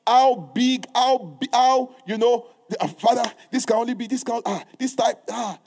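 Emphatic male preacher with a high voice; reads old-style scripture and drives points home with repetition. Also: moderate pace, creaky, a little mellow. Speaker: pastor. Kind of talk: sermon.

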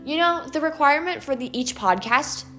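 A young woman with a Valley Girl accent, hosting a student podcast in an animated, chatty way, full of "like" and "okay". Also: high-pitched, moderate pace, soft background music. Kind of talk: casual solo podcast monologue.

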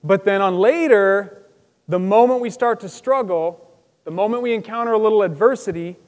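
Male pastor, high voice, chatty sermon delivery with dramatic acted-out quotes, long church-hall reverb. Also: normal speed. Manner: lively, conversational, acts out quotes with loud bursts.

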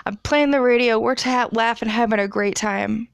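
Woman, twenties, profane casual storytelling, crisp, close and dry. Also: on the high side, normal speed, no room sound. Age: 20s. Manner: profane, laughing, chatty storytelling.

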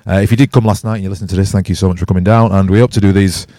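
Croaky man hosting a podcast. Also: deep voice, fairly even intonation, racing, dark tone, no echo, studio quality. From England. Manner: chatty, laughs often, loose storytelling. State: slightly croaky after a night out. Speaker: podcast host. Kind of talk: casual podcast chat. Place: music studio.

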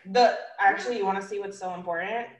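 A young woman co-hosting a podcast, chatting in a bubbly, giggly way and often trailing off quietly. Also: mid-range voice, steady tone, fast, reverberant. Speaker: podcast co-host. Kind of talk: casual podcast chat.

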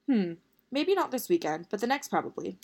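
A woman's voice: medium pitch, big pitch swings, a little fast, darkish tone, pitched above the performer's own voice. A woman voicing a bubbly, upbeat young female college student in a storybook reading.

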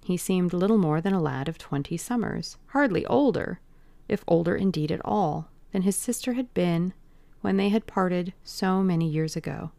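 A woman reading a classic novel aloud as an audiobook narrator, in a slow, deliberate, brooding manner. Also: fairly low pitch, vocal fry, mellow, dry recording.

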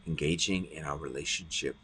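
A man's voice: very deep voice, steady tone, a little fast, pushed and bright, slight background noise. A middle-aged man preaching a podcast sermon as pastor, earnest and often repeating words as he stresses a point.

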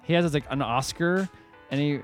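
A man's voice: on the high side, normal speed, soft background music. A man hosting a casual podcast chat, joking around with crude humor. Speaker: podcast host.

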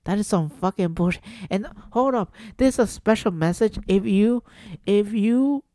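A man's voice: high-pitched, normal speed, warm tone, no room sound, studio quality. A man from New Jersey hosting a solo podcast, ranting in an exasperated, profane way and firing off rhetorical questions. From New Jersey, USA. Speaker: podcast host. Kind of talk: casual solo podcast rant.

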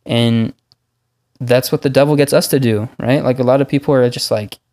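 A man's voice: medium pitch, normal speed. Laid-back man talking faith. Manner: relaxed, many fillers like "like". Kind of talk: casual faith conversation.

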